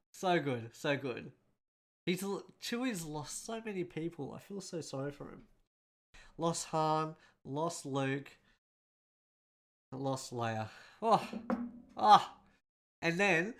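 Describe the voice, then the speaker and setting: A man's voice: on the high side, a bit bright. A man hosting a casual film breakdown, speaking in a rambling and emotional way with a congested, nasal voice. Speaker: host.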